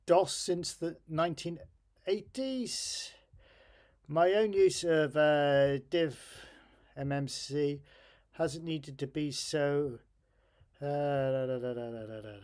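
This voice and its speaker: Guy in his middle years on a stream, fed up, swearing at his computer, slow and a bit high. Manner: exasperated, self-deprecating, swears and laughs at himself. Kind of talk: live-stream chat while programming.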